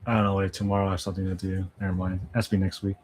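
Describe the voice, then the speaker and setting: A man chats loosely with his viewers on a livestream, often breaking into laughter. His talk wanders, with half-finished thoughts and quick asides. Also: low-pitched, flat delivery, a little mellow, slight background noise. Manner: chatty, laughs often, thinks aloud with trailing asides. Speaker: language-learning streamer. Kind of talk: casual livestream chat with viewers.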